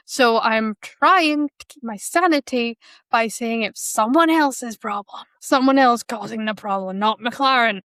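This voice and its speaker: A woman co-hosting a racing podcast, blunt and sarcastic, and quick to swear. Her voice sits a little higher than most. The recording is close and dry. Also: a bit bright, no room sound. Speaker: podcast co-host. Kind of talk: casual motorsport chat.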